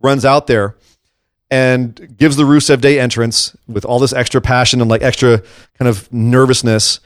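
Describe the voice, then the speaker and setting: A man in a casual co-hosted chat, animated and quick to act out the lines people said as he retells them. His voice sits at an ordinary middle pitch. The sound is dry and close, with no room echo. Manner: animated, acts out quotes while retelling. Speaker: podcast co-host. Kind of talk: casual chat recapping wrestling.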